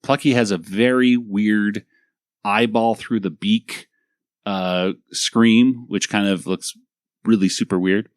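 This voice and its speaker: A man hosting a cartoon review podcast, talking in a low voice with lots of ums and asides. The sound is close and dry, with no room echo. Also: steady tone, slow pace. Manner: rambling, many fillers, laughs easily. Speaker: podcast host. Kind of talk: casual episode review chat.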